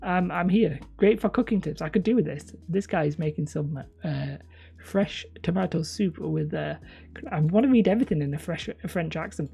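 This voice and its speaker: A woman's voice: on the low side, a little fast, gravelly, warm tone, husky. A woman hosting a casual livestream, reading viewer comments in a rambling, self-deprecating way and laughing often. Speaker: livestream host.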